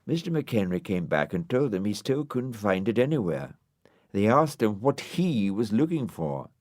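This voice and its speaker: A man narrating a children's storybook audiobook in a measured, dryly understated way. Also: lowish voice, big pitch swings, a little mellow, no echo, studio quality.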